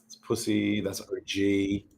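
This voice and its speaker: A man's voice: lowish voice, completely flat delivery, slow pace, creaky, a little mellow, low-quality recording. Profane Australian man rambling over charts. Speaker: crypto livestream host. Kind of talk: casual livestream chart commentary.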